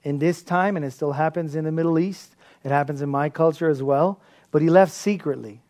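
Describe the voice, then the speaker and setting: Pastor, male, slightly high voice, animated sermon delivery with lots of laughter. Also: fairly quick. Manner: animated storytelling with frequent laughter.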